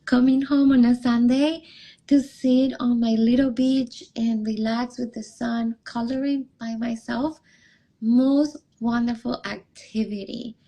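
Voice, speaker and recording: A woman's voice: a little high, unhurried, poor audio. A young adult woman, a relationship coach, telling a personal story in an interview and acting out the dialogue in it. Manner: animated, acts out quoted dialogue with raised voice. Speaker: relationship coach, podcast guest.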